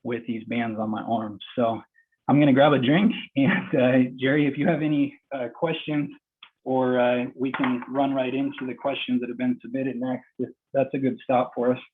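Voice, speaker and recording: A physical therapist speaking while doing an exercise demonstration, slightly out of breath, plain and encouraging. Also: male voice, mid-range voice, little pitch movement, moderate pace, husky, narrow, tinny audio. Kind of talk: instructive explanation during a live demo.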